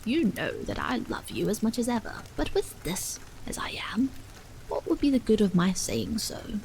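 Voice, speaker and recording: A woman voicing a weary, disfigured middle-aged husband in whispered role-play, hushed and dull. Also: fairly high pitch, very animated, normal speed, vocal fry, slight background noise.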